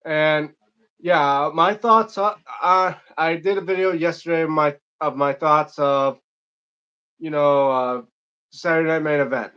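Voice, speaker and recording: A man's voice: on the high side, steady tone, measured pace, sharp tone, clear, resonant tone, muffled recording. A young man from Michigan hosting an unscripted live stream, reading chat comments aloud and answering them in a rambling, casual way.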